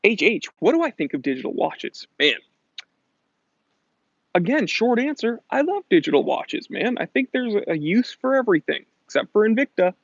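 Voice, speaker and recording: Brief: man in his thirties from New England, a bit high-pitched, gravelly, hosts a joking live chat, dry and dull lo-fi sound. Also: very animated, normal speed, no room sound. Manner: chatty and joking, reads out viewer comments. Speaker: livestream host answering chat questions.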